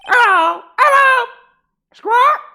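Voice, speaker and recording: A man's voice: animated, slow pace, gravelly, background noise, full character voice. A man voicing a pet parrot in a video game, squawking its words back. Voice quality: shrill squawking.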